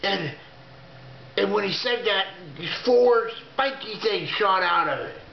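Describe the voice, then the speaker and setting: A man telling a dramatic story in the first person, slow and halting, with a fearful edge and folksy grammar. His voice sits high with a gravelly fry and drags along at an unhurried pace. The sound is dull and lo-fi, with the echo of a bare room and faint noise behind it. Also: lively intonation.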